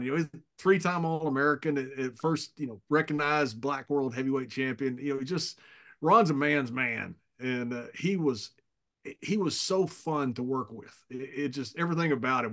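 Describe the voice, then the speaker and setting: A man's voice: mid-range voice, fairly bright tone. Chuckling man in his fifties, storytelling. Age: 50s. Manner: chuckles often and repeats words as he tells stories. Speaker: guest. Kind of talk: casual storytelling.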